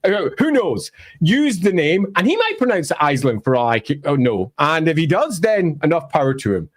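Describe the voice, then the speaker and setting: Scottish male lore presenter, somewhat high, very lively delivery, opinionated and wry. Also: normal speed. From Scotland. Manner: emphatic, wry, bursts into mock voices.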